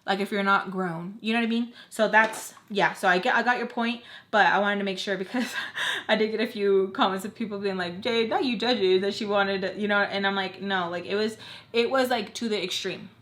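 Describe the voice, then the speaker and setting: A young woman telling a storytime on her own channel while doing her makeup, rambling with lots of fillers and animated quoted bursts. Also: medium pitch, brisk. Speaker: storytime vlogger. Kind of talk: casual storytime chat. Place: at home, doing makeup on camera.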